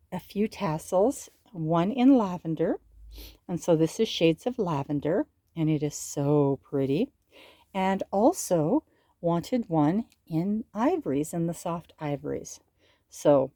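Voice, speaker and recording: Slow, low-voiced woman crafting vlogger. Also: mellow, dry recording. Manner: chatty, gushing over crafts. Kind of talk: casual show-and-tell.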